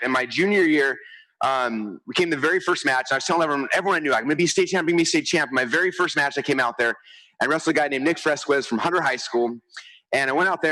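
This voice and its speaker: A man giving an energetic stage presentation to a live crowd, talking fast and acting out what people say. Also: a little high, poor audio. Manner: fast, excitable, acts out quotes. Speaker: speaker on stage. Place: large event stage.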